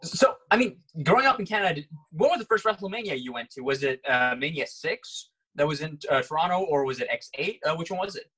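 Fast-talking man with an American accent. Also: fairly high pitch, animated, sharp tone, husky, poor audio. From Bahrain. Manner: eager, asks questions, laughs easily. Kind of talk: casual podcast chat.

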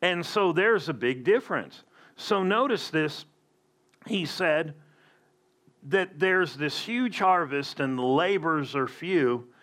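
A man's voice: a little high, animated, takes it slowly, a bit bright. A man preaching a sermon as a pastor, emphatic with conversational asides.

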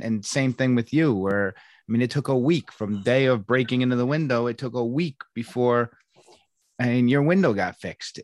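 A man's voice: medium pitch, dry recording, clean studio sound. A man hosting a podcast as a coach, talking casually and rambling with frequent restarts. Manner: rambling, with many restarts and "I mean". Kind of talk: casual conversation.

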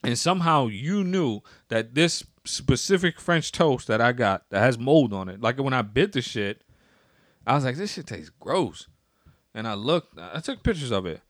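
A man's voice: mid-range voice, moderate pace, dry recording, studio quality. A man telling a long story in casual conversation, swearing freely and acting out what other people said. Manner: profane, animated storytelling with acted-out quotes. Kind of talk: casual chat.

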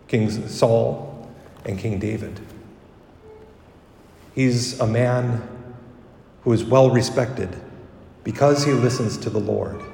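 A man's voice: medium pitch, gravelly, a little hiss or hum. A priest giving a conversational homily, correcting himself and livening up when he quotes people. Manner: conversational, self-correcting, animated when quoting. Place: church. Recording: echoey church from a distance.

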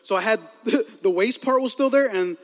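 High-voiced animated man preaching in a hall. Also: normal speed. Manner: animated, lively storytelling with laughs. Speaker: youth pastor. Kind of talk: humorous sermon storytelling. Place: large church auditorium. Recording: long reverb of a large hall.

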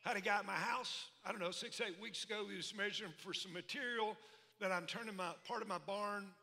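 A man preaching a sermon, folksy and animated, calling out to his congregation. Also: high-pitched, fairly quick, gravelly. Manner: animated, folksy preaching with call-and-response asides. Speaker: pastor. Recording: echoey hall reverb.

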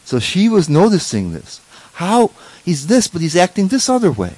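A man's voice: sits high, wildly swooping pitch, normal speed, darkish tone, husky, no room sound, rough recording. A man giving a conversational scripture class as a spiritual teacher, often restarting sentences and checking in with rhetorical questions.

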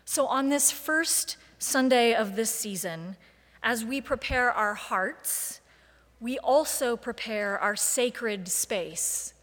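A woman preacher giving a sermon, with a measured, deliberate delivery and emphatic lists. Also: a little high, a bit bright, big-room sound.

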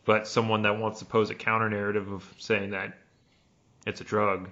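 A man co-hosting a casual podcast chat, ranting in an animated, profane way. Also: on the low side, moderate pace. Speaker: podcast co-host. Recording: dull lo-fi recording.

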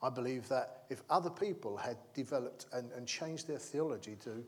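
A man's voice: mid-range voice, moderate pace, few pauses, darkish tone. Male preacher, chatty sermon. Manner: conversational, keeps asking the congregation "yeah?"; acts out the crowd and characters in the stories.

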